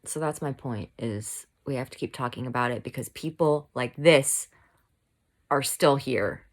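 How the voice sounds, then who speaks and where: A woman's voice: a bass voice, a little slow. A woman vlogger delivering a heated, angry commentary, shaking and fired up as she rants. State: shaking with anger. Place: home room, bad lighting.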